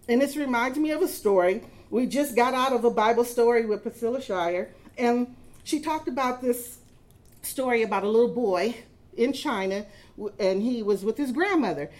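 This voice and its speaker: A woman's voice: high-pitched, a little mellow. A middle-aged woman preaching a sermon, telling stories and building emphasis as she speaks. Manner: storytelling with rising emphasis and acted quotes.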